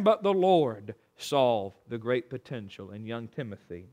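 A male preacher, delivering a sermon in a folksy storytelling way, moving between loud preaching and quiet asides. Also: mid-range voice, big pitch swings, measured pace, few pauses.

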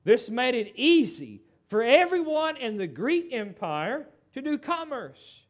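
Animated American preacher man, high-pitched. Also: a little slow. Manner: animated, conversational, asides to the congregation. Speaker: pastor. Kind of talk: sermon.

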